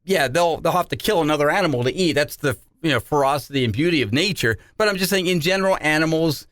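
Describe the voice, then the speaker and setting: A middle-aged man co-hosting a podcast, chatting casually and telling animated, jokey stories. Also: fairly high pitch, quick pace, no echo. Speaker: podcast co-host. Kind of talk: casual chat.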